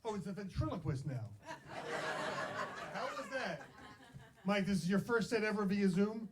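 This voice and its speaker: A man's voice: high-pitched, lively intonation, moderate pace, a crowd in the background. A male emcee at a live comedy show, upbeat and teasing as he talks to a comedian on a video call.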